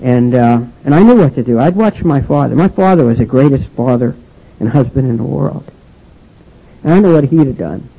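Gravelly older man giving halting testimony. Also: mid-range voice, animated. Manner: halting, with frequent "and, uh" restarts. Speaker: speaker sharing his recovery story. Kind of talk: personal testimony speech. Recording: dull lo-fi recording.

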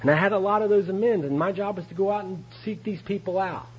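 A man's voice: sits high, fast talker, dull audio, a little hiss or hum. A middle-aged man telling his recovery story at a meeting in a folksy, confessional way, often laughing as he acts out what others said. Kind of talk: AA speaker talk, storytelling.

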